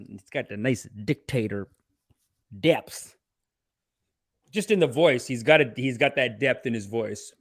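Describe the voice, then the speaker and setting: A man hosting a podcast, riffing sarcastically on clips in a rambling, animated way. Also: mid-range voice, dry recording, clean studio sound. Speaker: podcast host. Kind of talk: comedic commentary.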